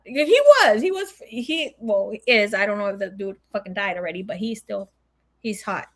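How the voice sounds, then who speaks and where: A young adult woman, telling a story in a casual, animated way, swearing a lot and acting out what people said. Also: mid-range voice, fairly quick.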